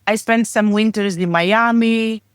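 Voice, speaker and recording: A woman chats as a guest on a podcast, her voice smooth and resonant. She talks in an easy, rambling way, full of "like". The sound is dry and close. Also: mid-range voice, fairly even intonation, unhurried, dry recording. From Greece. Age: 30s. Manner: chatty, with frequent "like" fillers. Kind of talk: casual interview chat.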